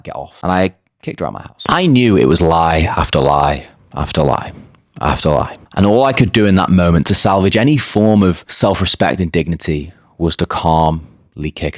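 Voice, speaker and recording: A man's voice: deep voice, dry recording, clean studio sound. A young man speaking as a dating coach, telling his own story straight to the camera in a blunt way, swearing freely. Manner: blunt, swears freely, addresses viewers directly. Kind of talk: candid talking-head monologue.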